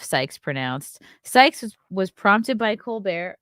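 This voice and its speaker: A woman's voice: mid-range voice, big pitch swings, takes it slowly, fairly bright tone, no echo, clean studio sound. A woman hosting her own show, reading news stories aloud and breaking off for sarcastic, profane, scornful asides. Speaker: host.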